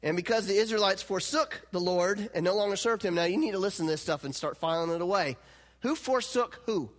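A man's voice: high voice, fast. A man preaching a sermon in a conversational way, laughing often and acting out God's words with rising intensity. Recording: long reverb of a hall.

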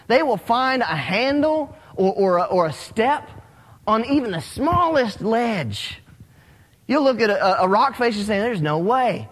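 A man preaching a sermon as a pastor, telling stories with animated, rising emphasis. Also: very high voice, unhurried. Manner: animated storytelling, rising when excited. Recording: long hall reverb.

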